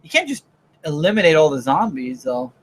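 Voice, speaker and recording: High-voiced eager man hosting a show. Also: sing-song. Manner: eager, opinionated, quick to jump in. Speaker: podcast host. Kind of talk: casual chat about comics and TV.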